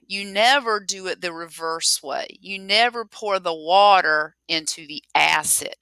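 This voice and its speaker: A woman chemistry teacher giving a lesson on lab safety, talking clearly and repeating the key rules for emphasis. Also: fairly low pitch, measured pace, few pauses, pushed and bright, no room sound. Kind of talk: recorded classroom lesson.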